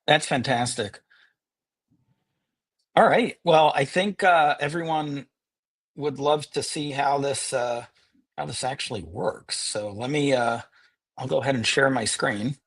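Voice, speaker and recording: Husky upbeat man hosting a webinar. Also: medium pitch, unhurried, pauses often, fairly bright tone. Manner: upbeat, joking, with sarcastic asides. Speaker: webinar host and software presenter. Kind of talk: live webinar product demo. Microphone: earpiece in one ear.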